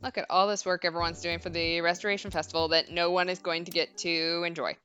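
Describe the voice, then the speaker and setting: A woman's voice: lowish voice, little pitch movement, quick pace, pushed and bright, soft background music. A woman hosting a let's play, chatting and joking casually over a visual novel. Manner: joking, chatty, laughs often. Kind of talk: casual game commentary.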